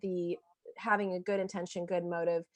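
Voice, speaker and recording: A woman's voice: lowish voice, flat delivery, moderate pace, no echo. A woman founder and author, a podcast guest, speaking candidly and reflectively in casual conversation. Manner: reflective, candid, laughs easily.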